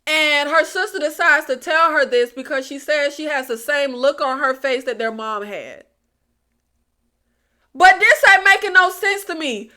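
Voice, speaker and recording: A high, bright woman's voice, talking straight to her viewers as she recaps a show. She speaks in a casual, animated way, often exasperated and calling out to "y'all.". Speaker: TV recap vlogger. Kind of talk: casual review vlog.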